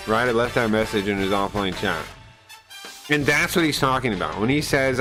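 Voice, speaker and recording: Man, live streamer, aggrieved casual rant, heavy swearing, mid-pitched voice. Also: lively intonation, fairly quick, over music, poor audio. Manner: profane, aggrieved, rambling with restarts.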